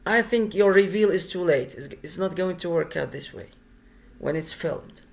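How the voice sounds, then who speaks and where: A man's voice: sits high, normal speed, creaky. A man giving frank, conversational commentary while reviewing a screenplay. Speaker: script reviewer. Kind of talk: casual commentary.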